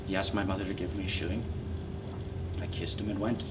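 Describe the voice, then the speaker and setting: An actor playing a brooding, bitter man haunted by his family, speaking intensely and often in a hush. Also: sits low, little pitch movement, fairly quick, close to an everyday voice. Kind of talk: stage play acting. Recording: distant mic with noisy hiss.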